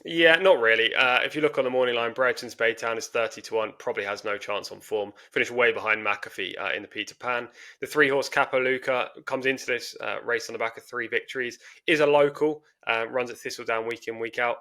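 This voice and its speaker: A man's voice: medium pitch, fairly even intonation, fairly quick, few pauses, pushed and bright. A man co-hosting a podcast, casually breaking down horse racing form with careful, hedging analysis. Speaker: podcast co-host.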